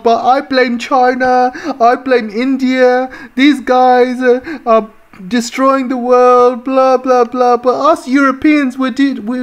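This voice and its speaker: A woman's voice: high-pitched, voice pushed up. A woman doing a mocking impression of a whining, weeping male climate summit official.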